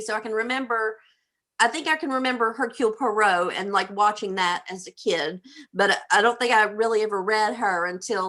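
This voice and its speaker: A woman's voice: medium pitch, a bit bright. A woman, a stage actor, rambling on a video call with many fillers and laughs. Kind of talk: casual video call chat.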